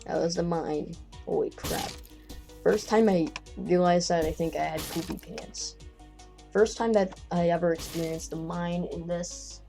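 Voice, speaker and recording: A man giving casual, excitable gameplay commentary, joking around and often repeating or restarting his phrases. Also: on the high side, creaky.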